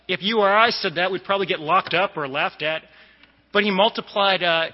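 A man from the Boston area preaches in a loose, conversational way, with fillers and asides. His voice sits high and carries a long echo through the church. The recording sounds dull and muffled. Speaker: lay preacher. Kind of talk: sermon. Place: church sanctuary.

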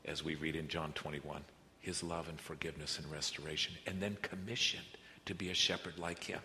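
A man's voice: rumbling low, steady tone, fairly quick. Earnest male preacher in a reverberant hall. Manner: earnest, swings between soft and emphatic. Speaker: pastor. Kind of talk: sermon. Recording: reverberant hall with faint noise.

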